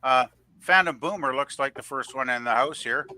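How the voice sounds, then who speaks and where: A man with a bright, smooth voice co-hosting a casual live stream. He reads viewer comments aloud, chuckling and filling pauses with "uh." The sound is dry and close. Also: medium pitch, no room sound. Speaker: co-host reading the chat. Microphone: remote call on a streaming panel.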